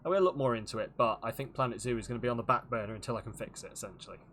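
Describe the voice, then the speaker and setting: A man's voice: medium pitch, racing, fairly bright tone, a little hiss or hum. A man streaming a game, chatting playfully and laughing often. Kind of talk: casual game-stream chat.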